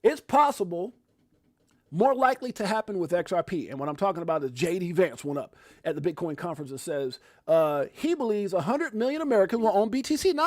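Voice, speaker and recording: Excitable high-pitched man hosting a crypto livestream. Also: dry recording, studio quality. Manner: excitable, loud outbursts and frequent laughs; jokey, talks to chat viewers by name. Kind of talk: casual live-stream chat.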